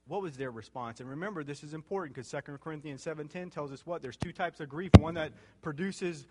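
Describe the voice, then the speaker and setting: Man preaching a sermon, swinging loud to soft. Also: a little high, brisk. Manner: asks the congregation questions and repeats phrases. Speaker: pastor.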